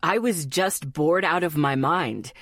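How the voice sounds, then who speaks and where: A woman's voice: low voice, slow, a bit bright, no echo, clean studio sound, exaggerated voice. A woman reading aloud as a shy, sweet teenage boy who mutters bashfully.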